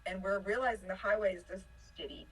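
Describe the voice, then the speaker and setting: A woman from a touring band telling an animated story in a casual interview, laughing often and swinging between excitement and panic. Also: medium pitch, quick pace, breathy edge, distant mic, rough recording. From United States. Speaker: band member.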